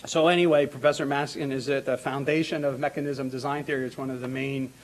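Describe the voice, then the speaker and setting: A man's voice: mid-range voice, flat delivery, quick pace, poor audio. Man, academic moderator, rambling, ums and restarts, podium mic. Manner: rambling, many fillers and restarts. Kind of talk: introductory remarks at a conference.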